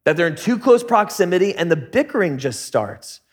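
A man preaching a casual sermon, telling stories in a relaxed, joking, slangy way. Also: high voice, normal speed. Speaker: pastor.

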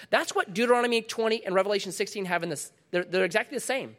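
A middle-aged man preaching a sermon to a congregation, dramatic, dropping to a hush and then rising loud again. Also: sits high, quick pace. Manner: dramatic, swings from loud to hushed. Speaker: pastor.

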